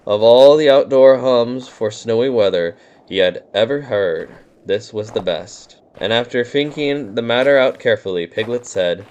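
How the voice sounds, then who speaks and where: A man gently reading a bedtime storybook aloud as the narrator, in a soothing manner. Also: medium pitch, moderate pace, hardly any pauses, muffled recording.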